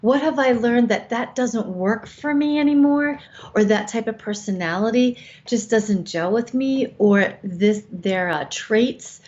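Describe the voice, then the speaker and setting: A woman's voice: medium pitch, darkish tone. Frank woman co-host, lo-fi sound. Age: over 50. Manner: frank, coaching, swears casually. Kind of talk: casual conversational advice. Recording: slightly dull lo-fi sound.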